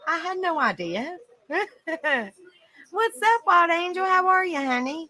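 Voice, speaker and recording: A woman's voice: extremely high pitch, animated, drawn-out words, pauses often, bright, forceful tone, low-quality recording. A woman hosting an open panel in casual chat, rambling with lots of fillers and frequent giggles.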